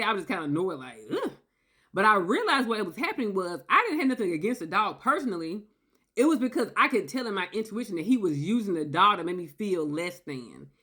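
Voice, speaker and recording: Woman telling a personal story to camera, animated and conversational, acts out what others said. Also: mid-range voice. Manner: animated, acts out quotes, tags lines with "okay?". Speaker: video creator. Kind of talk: casual storytelling monologue.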